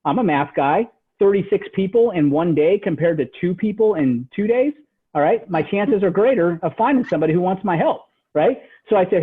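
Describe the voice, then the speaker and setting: A man giving a motivational real estate training talk over a call, animated and tacking "right?" onto his points. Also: high voice, fast, slightly rough. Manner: animated, repeats "right?" after each point. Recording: tinny phone-line audio.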